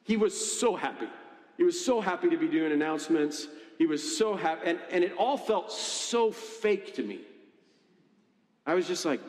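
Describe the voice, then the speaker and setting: A man preaching a sermon in a conversational, animated way, often checking in with the congregation. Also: on the high side, moderate pace. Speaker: pastor. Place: church hall. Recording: echoey hall with long reverb.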